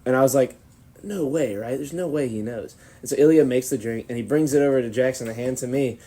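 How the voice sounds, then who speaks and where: A man's voice: mid-range voice, fairly quick, dark tone. A young man hosting a podcast, telling a long rambling anecdote with frequent laughs in a casual chat. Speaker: podcast host.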